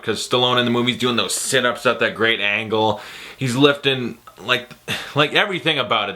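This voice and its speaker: Excitable jokey man for a movie vlog, bright, forceful tone, swears freely. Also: mid-range voice. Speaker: movie reviewer. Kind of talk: casual movie ranking vlog.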